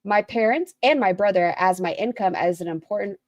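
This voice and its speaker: Reading a written statement and her viewers' chat aloud, a woman on a livestream gives blunt commentary with casual swearing. Her medium-pitched voice is fairly quick, recorded dry with the highs cut off.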